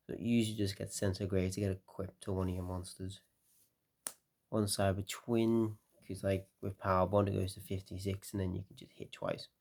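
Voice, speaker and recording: Tired man with a low gravelly voice. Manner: relaxed, rambling, frequent fillers. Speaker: card game deck explainer. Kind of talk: casual deck walkthrough.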